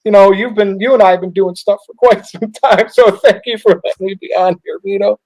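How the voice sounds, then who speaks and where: A man's voice: sits high, steady tone, fairly quick, a little mellow, rough recording. A man filling in as co-host in a casual chat, earnest and self-deprecating.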